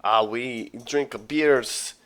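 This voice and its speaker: A man's voice: mid-range voice, drawn-out words, fairly bright tone, clear, resonant tone. A game master voicing a friendly Russian man at home base, with broken English and a put-on Russian accent. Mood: easygoing.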